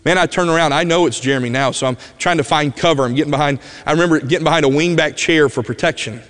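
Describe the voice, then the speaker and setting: A man tells a personal story from the pulpit in a somewhat high voice. He is a vivid storyteller who drops to a hush at the tender parts, and his voice carries a long reverb through a large church hall. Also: fast talker. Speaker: preacher giving a testimony. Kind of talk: emotional sermon storytelling.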